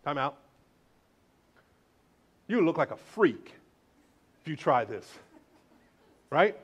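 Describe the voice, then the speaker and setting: A male pastor giving a lively, joking sermon, swinging between loud declarations and hushed asides. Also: a little high, normal speed, pauses often, lo-fi sound. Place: church sanctuary.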